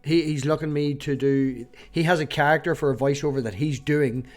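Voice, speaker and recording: Rambling host on a call. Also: male voice, on the high side, fairly even intonation, brisk, darkish tone, soft background music. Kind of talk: casual video-call chat.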